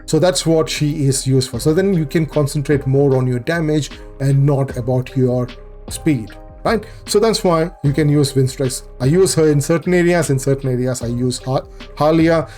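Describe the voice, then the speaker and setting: Man explaining a game guide, mellow voice. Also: on the high side, moderate pace, faint music behind. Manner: explanatory, repeats and corrects himself, many fillers. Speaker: gaming channel host.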